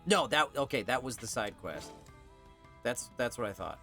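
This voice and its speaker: Man, gameplay stream chat, self-mocking, animated delivery, quiet game music underneath. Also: medium pitch. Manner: animated, quick to laugh at himself. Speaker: streamer and voice actor.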